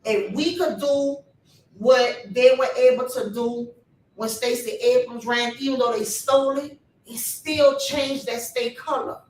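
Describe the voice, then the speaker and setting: A woman's voice: fairly high pitch, a little slow, darkish tone. Fiery woman speaker in echoey hall. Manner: fiery, preacher-like cadence, direct to audience. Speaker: panel speaker. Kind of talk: impassioned panel talk. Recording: echoey room from a distance.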